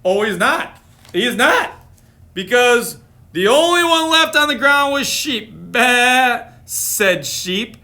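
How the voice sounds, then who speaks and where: A man's voice: extremely high pitch, sing-song, slow pace, sharp tone. A man reading a picture book aloud on a live stream, playful, with chatty asides to his viewers. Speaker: storytime reader.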